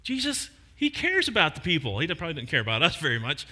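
A man's voice: on the high side, huge pitch swings, fast, sharp tone, slightly rough. A man preaching a sermon as a pastor, retelling a story with acted voices and a casual, joking delivery.

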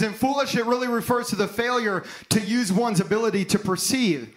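A pastor preaching an emphatic sermon, building to fervent exclamations. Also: male voice, high voice, fairly quick, rough recording.

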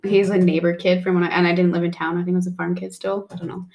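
A woman's voice: on the low side, level tone, racing, vocal fry, darkish tone. A young woman co-hosting a casual chat, who swears freely and acts out quotes when she tells a story. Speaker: podcast co-host.

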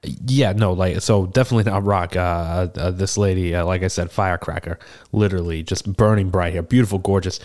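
A man's voice: low-pitched, steady tone, a little fast, darkish tone, lightly acted. A man playing a rambling old tortle cleric. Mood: animated. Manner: chatty and rambling, full of fillers and restarts. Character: seasoned male tortle cleric, rambling tavern storyteller. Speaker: player character in an improvised tavern scene. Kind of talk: improvised in-character storytelling.

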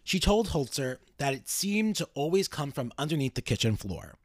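Animated male podcast storyteller. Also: mid-range voice, normal speed, no room sound, studio quality. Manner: animated storyteller, reads quotes aloud. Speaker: podcast host.

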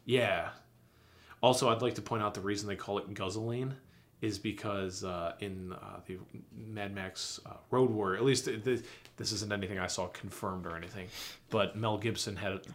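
A man's voice: on the low side, fairly even intonation, moderate pace. A young man co-hosting a podcast in casual chat, rambling enthusiastically and swearing. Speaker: podcast co-host.

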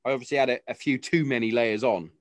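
A man's voice: medium pitch, fairly even intonation, fast, no echo. Young british guy swearing his way through a story, dead dry room. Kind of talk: casual chat.

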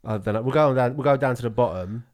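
A man's voice: mid-range voice, fast talker, a little mellow. A young man co-hosting a podcast, playful and laughing often, now and then belting out songs in a put-on voice. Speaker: podcast co-host. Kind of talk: casual banter.

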